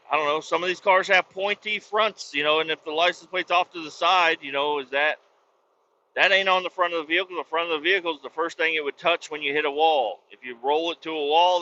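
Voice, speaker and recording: Guy ranting on his podcast, cussing a lot, bright tense voice, kinda muffled with faint hiss. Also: fairly high pitch. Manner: profane, exasperated, rambling. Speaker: podcast host. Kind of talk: casual storytelling rant.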